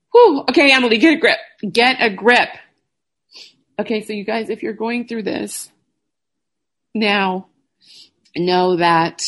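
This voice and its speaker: A middle-aged woman who vlogs, reading a personal letter aloud and speaking to her viewers in a halting, emotional way. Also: mid-range voice. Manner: emotional, halting, soft-spoken. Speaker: vlogger.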